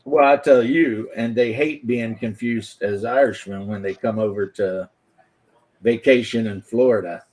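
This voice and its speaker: A man in a relaxed podcast chat, talking about drinks and joking wryly with his friends. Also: on the low side, measured pace, low-quality recording. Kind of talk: casual chat.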